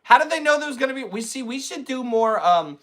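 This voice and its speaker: A man hosting a comedy podcast in casual chat, excitable and rambling as he jokes. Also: very high voice. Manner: excitable, rambling, quick to joke. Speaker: podcast host.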